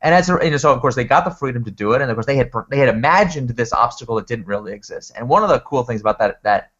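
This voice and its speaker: A man telling an animated story in conversation, a lively storyteller who often restarts his sentences. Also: mid-range voice, quick pace. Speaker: guest speaker. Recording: dull lo-fi recording.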